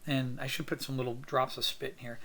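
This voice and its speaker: A man's voice: medium pitch, flat delivery, fairly quick, fairly bright tone. A man talking through his sketching as an art teacher, upbeat and encouraging, thinking aloud with plenty of fillers. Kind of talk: casual drawing tutorial narration.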